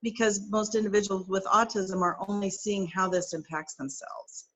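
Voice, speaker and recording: A woman's voice: medium pitch, fairly even intonation, normal speed, a bit bright. A middle-aged woman occupational therapist explaining in an interview, chatty and practical, working through step-by-step examples with frequent fillers.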